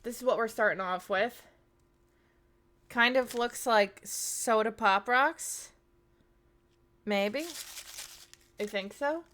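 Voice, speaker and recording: A woman's voice: fairly high pitch, slow, long pauses, a bit bright. A woman in her thirties chatting casually to her live-stream audience, rambling with plenty of fillers. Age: 30s.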